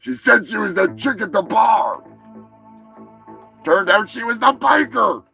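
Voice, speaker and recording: A man's voice: sits high, animated, a little slow, gravelly, bright, forceful tone, faint music behind, rough recording. A man hosting a live comedy show, riffing in a crude, profane, joking rant. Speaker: host.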